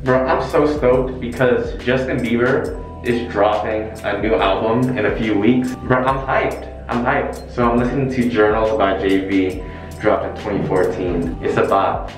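Chatting in relaxed slang, a young vlogger talks through his grocery run and cooking in his home kitchen. He has a fairly low voice with a steady tone at normal speed, and lo-fi music runs beneath him.

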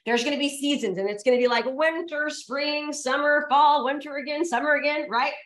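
A middle-aged woman giving an energetic motivational seminar as a real estate coach. She is emphatic, repeats her key phrases and calls out to the audience. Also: high-pitched, brisk. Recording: echoey room.

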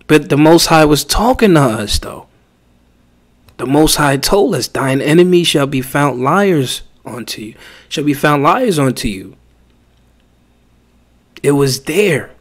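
Guy talking real slow, kinda high voice, rambling and heated, keeps restarting. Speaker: religious teacher. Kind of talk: casual spoken commentary.

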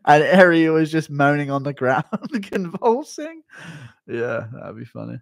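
A man's voice: fairly high pitch, very animated, a little slow, gravelly. A man chatting casually on a livestream, joking crudely with his chat and constantly breaking into laughter. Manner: giggly, keeps breaking into laughter.

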